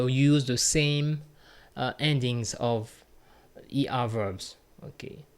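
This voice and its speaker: Slow-paced man teaching grammar. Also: mid-range voice. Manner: slow, repeats conjugations aloud, explains step by step. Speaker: French teacher. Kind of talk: grammar lesson.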